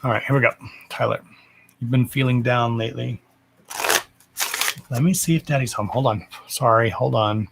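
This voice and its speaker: Gravelly-voiced man chatting on a live stream. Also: medium pitch, normal speed, long pauses. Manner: joking, chatty, swears casually, calls viewers darling and love. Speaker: psychic medium doing live card readings. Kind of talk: casual live-stream chat. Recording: steady background noise and card shuffling.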